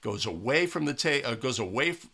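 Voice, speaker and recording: A man's voice: medium pitch, lively intonation, fairly quick, vocal fry, sharp tone. A man in a studio reviewing game video for basketball officials, speaking emphatically and tagging points with "right?". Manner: emphatic, coaching tone with frequent "right?". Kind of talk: video analysis commentary.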